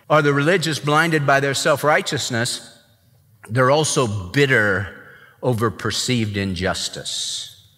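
Man preaching, fairly high voice, bright and forceful, echoey church sound. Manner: emphatic, animated preaching with acted-out quotes. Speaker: pastor. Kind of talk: sermon.

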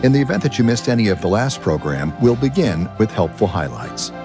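Gravelly male radio announcer over music. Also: fairly low pitch, sing-song, fairly quick. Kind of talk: scripted radio introduction. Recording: music bed under the voice.

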